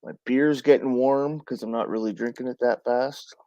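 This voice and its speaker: A man's voice: mid-range voice, steady tone, dark tone, dry recording, dull audio. A man hosting a casual livestream chat, blunt and profane, who coughs now and then and says he has been drinking beer since the night before. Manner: talks slowly with pauses and coughs. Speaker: livestream host.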